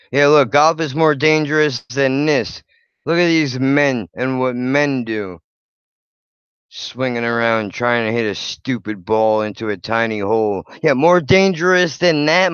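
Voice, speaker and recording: A man's voice: mid-range voice, fairly bright tone, smooth, dry recording, muffled recording. A man hosting his channel, reacting to videos with blunt, profane, sarcastic commentary. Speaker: channel host.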